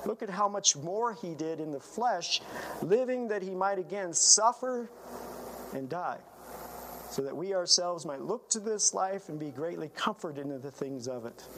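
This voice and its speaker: A man's voice: fairly high pitch, pushed and bright, a little hiss or hum, low-quality recording. A man preaching a sermon in an earnest, emphatic manner, often letting his phrases trail off.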